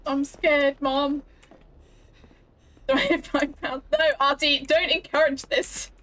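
A woman's voice: high voice, fairly even intonation, takes it slowly, fairly bright tone. A woman streamer chatting casually with her viewers while she plays, often giggling and flustered. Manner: giggly, flustered, talks to chat. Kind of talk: casual live-stream chat while gaming.

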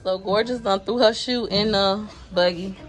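A woman's voice: mid-range voice, moderate pace. A woman, chatting to viewers on a casual shopping vlog in a store, recorded on a handheld phone. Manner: chatty, addresses viewers directly. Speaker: vlogger.

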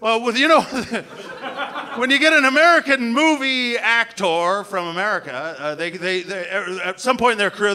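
A man from Canada doing live stand-up comedy, shouting and slipping into silly put-on voices and accents. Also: high voice, moderate pace.

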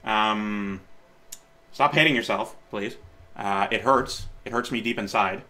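A man's voice: fairly low pitch, unhurried, sharp tone. A man in his late twenties, rambling and self-correcting as he comments on his old video, laughing at himself and offering encouragement. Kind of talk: casual reaction commentary.

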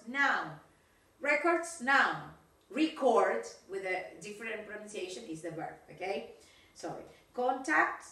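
Bright-voiced teacher in an echoey room. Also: female voice, on the high side. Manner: talks through exercises with frequent "yes, okay?" checks. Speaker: English teacher. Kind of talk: recorded video lesson. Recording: echoey room, far from mic.

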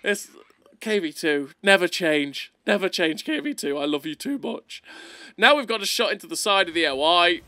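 A man doing excitable, playful gameplay commentary over a video, laughing often, recorded close on a desk mic. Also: high-pitched, normal speed, no echo.

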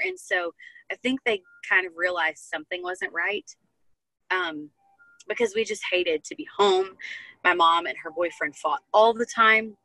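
A woman's voice: fairly low pitch, normal speed, bright, forceful tone, no echo, poor audio. A young woman talking as a guest, telling her personal testimony in an earnest, heartfelt way. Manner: earnest, heartfelt storytelling with many fillers. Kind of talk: personal testimony in casual chat.

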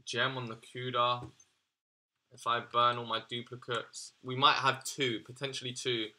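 A man's voice: medium pitch, little pitch movement, unhurried, sharp tone. A young man giving casual, exasperated gaming commentary, swearing and slangy as he reacts. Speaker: gaming YouTuber.

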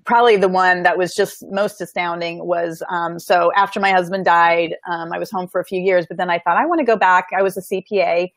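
A woman in a casual conversation, telling a personal story in an animated, earnest way and encouraging listeners on a spiritual path. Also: fairly low pitch, a little fast, few pauses, no echo. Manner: animated storyteller, acts out quoted voices. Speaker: medium and show host.

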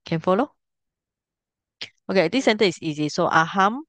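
Low-voiced teacher. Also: female voice, lively intonation, moderate pace, a bit bright, no room sound. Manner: patient, explains step by step, checks understanding often. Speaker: Pali language teacher. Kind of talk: online class teaching.

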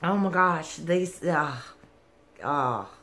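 A woman, gushing and giggling through an excited yarn unboxing vlog. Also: low-pitched, extremely slow. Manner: gushing, giggly, lots of "like" and "oh my goodness". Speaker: yarn vlogger.

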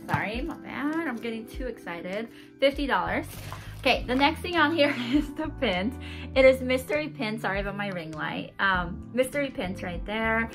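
A young woman with an excited, giggly way of talking, chatting casually as she unboxes a mystery box for her channel. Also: fairly high pitch, normal speed. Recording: background music.

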